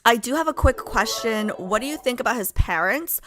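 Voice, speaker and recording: A woman's voice: fairly high pitch, expressive, brisk, fairly bright tone, slight background noise. A young woman hosting a livestream, chatting casually with viewers in a rambling, filler-heavy way. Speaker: livestream host. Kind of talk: casual chat with live viewers.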